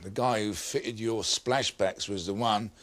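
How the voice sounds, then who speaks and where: A man playing a smooth, persuasive showbiz agent in a TV comedy drama. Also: lowish voice, steady tone, measured pace, fairly bright tone.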